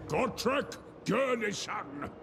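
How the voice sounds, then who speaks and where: An actor voicing gruff male dwarf lords and slayers, giving clipped, battle-hungry unit barks. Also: high voice, sing-song, slow, exaggerated voice. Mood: grim. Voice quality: gravelly. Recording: game audio with music behind.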